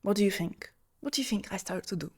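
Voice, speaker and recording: A woman telling a personal story as a spiritual teacher, shifting between soft breathy asides and bright, emphatic bursts over a video call. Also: medium pitch, quick pace. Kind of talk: personal storytelling talk on feminine energy.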